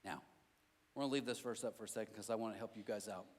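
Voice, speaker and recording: A man preaching a sermon as a pastor, telling animated stories with self-deprecating jokes and talking directly to the crowd in a church auditorium. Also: on the low side, rapid-fire. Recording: long hall reverb.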